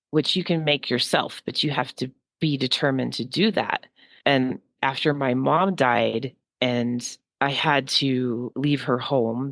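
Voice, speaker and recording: A woman's voice: a bass voice, fairly bright tone, dry recording. A woman speaking as a psychic guest, rambling and heartfelt, with frequent "like" fillers. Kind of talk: casual spiritual talk.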